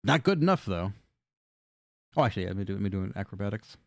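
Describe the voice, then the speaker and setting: A man's voice: on the low side, expressive, quick pace, gravelly, no echo. A man running a tabletop game as dungeon master, narrating loosely with fillers and cursing.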